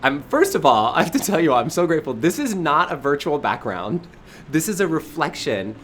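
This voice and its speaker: A man's voice: a little high, sing-song, normal speed, a bit bright. Enthusiastic man hosting a live session. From California Bay Area. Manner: enthusiastic, effusive, greets viewers by name. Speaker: host of a live online spiritual session. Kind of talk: live-streamed welcome and teaching. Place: outdoors in front of a high-up window. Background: faint outdoor noise.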